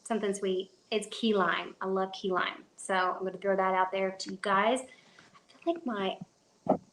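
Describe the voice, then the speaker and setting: A woman's voice: medium pitch, fairly even intonation, a little slow, fairly bright tone, reverberant, slight background noise. A woman with a Kentucky accent hosting a casual live chat stream from her phone, rambling and laughing often. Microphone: phone at arm's length.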